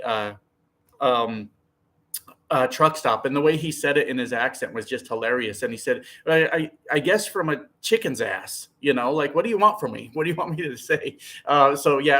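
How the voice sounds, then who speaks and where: A man's voice: mid-range voice, a bit bright. A man who drives trucks for a living, talking casually to his live-stream viewers. He rambles in an easygoing way with plenty of fillers and restarts, and answers chat messages by name.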